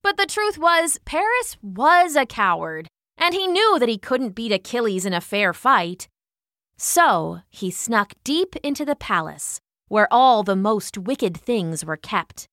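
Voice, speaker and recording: A woman storyteller reading a story aloud in an expressive, dramatic way. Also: fairly high pitch, unhurried, no echo, clean studio sound.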